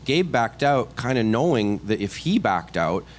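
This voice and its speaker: A middle-aged man, a stand-up comedian, telling a story on a podcast in a casual, animated, self-deprecating way full of asides and restarts. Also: medium pitch, a little slow, slight background noise. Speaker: comedian guest.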